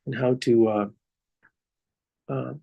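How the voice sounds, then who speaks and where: A man leading a devotional scripture class over a video call, talking in a halting way with many pauses. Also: medium pitch, fairly even intonation, vocal fry, muffled recording. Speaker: class leader.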